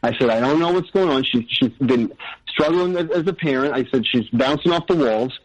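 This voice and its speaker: A man's voice: medium pitch, brisk, dull audio. A man telling his own story in a casual, earnest way, rambling with many restarts and tangents. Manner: earnest, frequent "you know".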